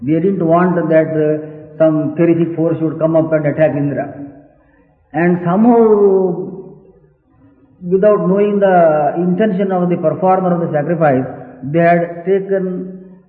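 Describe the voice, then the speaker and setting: A man teaching Vedic chant intonation in a patient, deliberate manner, sometimes chanting the verses slowly himself. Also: a little high. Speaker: spiritual teacher. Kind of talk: lecture with chanted examples. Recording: echoey hall on a tinny, phone-like archival recording.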